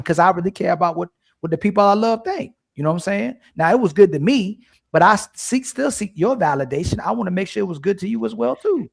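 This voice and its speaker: Male stream host, slightly high voice, slangy and playful. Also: expressive, fast talker, vocal fry, fairly bright tone. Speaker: livestream host reading super chats. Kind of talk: casual panel chat.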